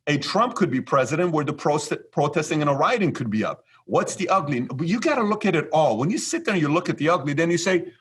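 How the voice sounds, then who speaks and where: A man in his forties from Iran, a podcast guest telling stories in an animated, repetitive way. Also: a little high, fast talker, hardly any pauses, slightly rough. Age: 40s. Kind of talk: storytelling interview talk.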